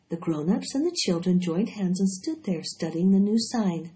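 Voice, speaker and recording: Lady reading a kids book out loud, low-ish voice, muffled audio. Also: moderate pace. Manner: steady, expressive storytelling. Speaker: audiobook reader. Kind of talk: storybook read-aloud narration. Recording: dull lo-fi recording.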